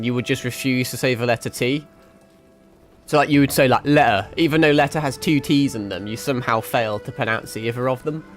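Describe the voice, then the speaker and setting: A man's voice: medium pitch, a bit bright. A man born in Britain, streaming a game, chatting in a rambling, sweary, self-mocking way. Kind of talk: casual gameplay commentary.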